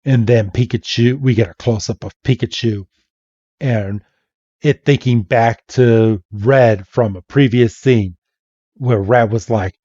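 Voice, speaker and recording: Man, podcast host, playful animated recap, slow, dry sound. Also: medium pitch, no echo, dull audio. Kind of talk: casual comic recap narration.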